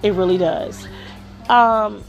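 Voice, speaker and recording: A woman's voice: medium pitch, steady tone, takes it slowly, creaky, dull audio, soft background music. A woman hosting a podcast, giving work advice in a casual monologue, often checking in with "okay?" and "right?".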